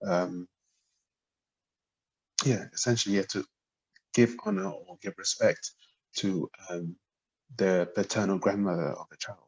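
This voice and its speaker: Male language tutor, husky low voice, patient and halting, recorded without a proper mic. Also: fairly even intonation, a little mellow, lo-fi sound. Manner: hesitant, lots of ums, spells out syllables and tones. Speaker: language teacher. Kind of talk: relaxed explanatory lesson.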